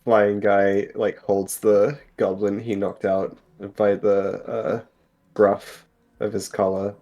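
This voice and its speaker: A man playing a tabletop game, laid-back and halting, repeating words as he goes. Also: lowish voice, little pitch movement, warm tone, lo-fi sound. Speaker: player.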